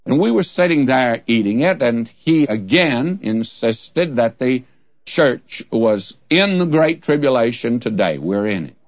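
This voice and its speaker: A man's voice: medium pitch, big pitch swings, unhurried. A man preaching a Bible-teaching sermon in a folksy, humorous storytelling manner. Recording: dull, dry lo-fi recording.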